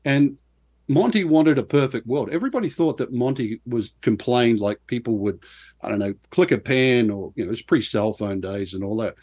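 A middle-aged man from New Zealand, a former pro golfer, telling lively, self-deprecating stories as an interview guest. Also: medium pitch, normal speed. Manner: animated anecdotes with self-deprecating laughs. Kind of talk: casual storytelling interview.

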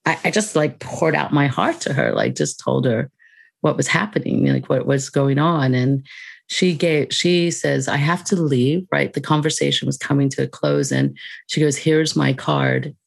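A woman guest on a podcast, telling a personal story in a reflective, unhurried way, laughing lightly between thoughts. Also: rumbling low, sing-song, creaky, husky, no room sound. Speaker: podcast guest, mindfulness teacher.

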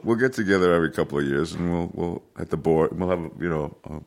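Very deep-voiced male podcast guest. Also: fast talker, creaky. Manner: rambling, frequent restarts and repeated words. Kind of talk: casual conversation.

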